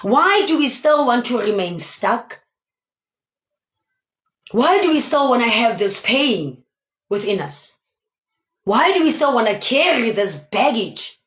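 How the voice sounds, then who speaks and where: Brief: South African woman, motivational live streamer, emphatic and preachy, voice a little high and very animated, echoey room. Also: slow, long pauses. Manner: emphatic, preachy, asks many rhetorical questions. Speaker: motivational speaker.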